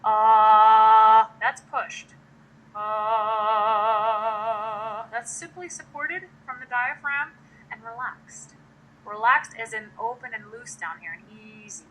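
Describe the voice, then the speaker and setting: A woman runs a relaxed online singing lesson, chatting with viewers and breaking off to demonstrate sounds. Her voice sits a bit high and rings bright. A faint hiss sits under the recording. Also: a little slow, highs cut off. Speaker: voice teacher. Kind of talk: live-streamed singing lesson.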